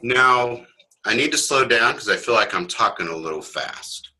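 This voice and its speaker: Husky bright-voiced man giving a webinar. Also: medium pitch, expressive, normal speed, poor audio. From Kansas. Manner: rambling, self-deprecating, many fillers. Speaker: librarian presenting a webinar. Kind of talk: casual webinar presentation.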